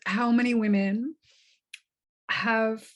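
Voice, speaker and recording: A woman's voice: fairly high pitch, fairly even intonation, slow. Reflective woman hosting an interview. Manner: reflective, affirming with soft murmurs. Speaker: podcast host. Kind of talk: conversational interview.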